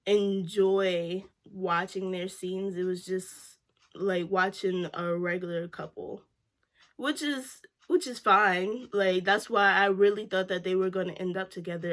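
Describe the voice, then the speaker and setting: A woman giving a casual reaction chat on a TV show, filling her sentences with "like". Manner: chatty, fills every pause with "like"; lively, jumps up in pitch when reacting. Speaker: vlogger reviewing a TV show.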